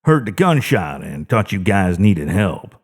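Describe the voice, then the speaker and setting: A man's voice: low-pitched, very animated, husky, exaggerated voice. A man voicing a masked robber sidekick who answers defensively. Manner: defensive, quick.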